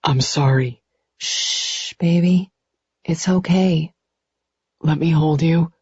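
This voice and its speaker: A woman voicing an intense, tormented young man with a low, hoarse murmur. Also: steady tone, slow, a little mellow, dry recording, exaggerated voice. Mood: tender hush. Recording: slightly dull lo-fi recording.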